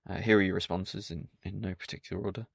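A man's voice: low voice, steady tone, quick pace, creaky, breathy edge, dry recording. A man hosting a solo podcast, talking in a dry, mock-stern and pedantic way. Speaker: podcast host.

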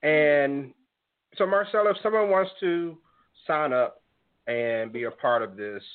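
A man's voice: fairly high pitch, unhurried. A man hosting a call-in radio talk show, thanking guests and wrapping up segments briefly. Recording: tinny phone-like line.

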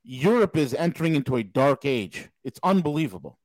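A man's voice: medium pitch, sing-song, darkish tone, no echo, rough recording. A male podcast host talking casually in an interview, emphatic and scornful in his remarks. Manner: emphatic, scornful, quick agreement.

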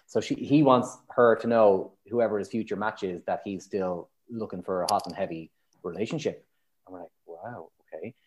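A man's voice: on the low side, moderate pace. A man with an Irish accent, a matchmaker guest on a podcast, telling candid stories and acting out his clients' lines. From Ireland. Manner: animated storyteller, acts out clients' lines. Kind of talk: candid conversational interview.

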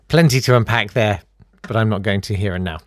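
A man's voice: fairly low pitch, no echo. Wry, rambling podcast host man. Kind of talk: casual solo podcast monologue.

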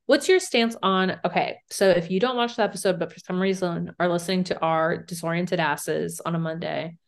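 A woman's voice: lowish voice, fairly even intonation, moderate pace, vocal fry. Young woman podcast cohost, rambly chatty, lots of "like", laughs a lot. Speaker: podcast co-host. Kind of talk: casual chat.

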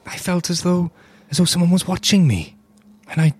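A woman's voice: on the low side, a little mellow, slight background noise, close to an everyday voice. A woman putting on a shaken Welsh village girl. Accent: Welsh, put on. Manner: halting, repeating words.

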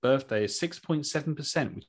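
A man co-hosting a casual podcast, reading out strange facts over a video call and adding wry, deadpan asides. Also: on the high side, normal speed, slightly rough. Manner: wry, deadpan asides after each fact. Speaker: podcast co-host.

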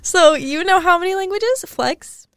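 A woman's voice: very high voice, expressive, a little slow, dry recording, clean studio sound. A young woman co-hosting a podcast in casual chat, giggling often and swearing offhandedly. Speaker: podcast co-host.

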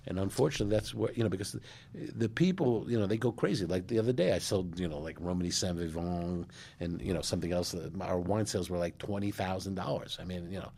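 A man, a restaurateur telling animated stories in a casual interview, with many restarts and "you know"s. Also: low voice, fast, vocal fry, slightly rough. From Manhattan, New York. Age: 60s. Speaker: guest, restaurateur.

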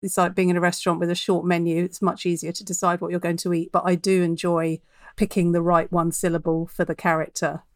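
A woman's voice: on the low side, level tone, a little fast, no echo, clean studio sound. A woman author talking about her writing in a podcast interview, chatty and reflective, laughing easily. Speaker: author guest.

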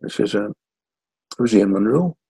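Older Northern Irish man, guest storyteller, deep gravelly and husky, dry close sound. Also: normal speed, no room sound, poor audio. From Northern Ireland. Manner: lively yarn-spinner acting out quotes. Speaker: guest, former footballer. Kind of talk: anecdotal storytelling.

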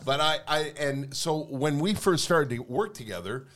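A man co-hosting a podcast, telling a story in a casual, animated way and often laughing through his words. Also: fairly high pitch, moderate pace. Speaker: podcast co-host.

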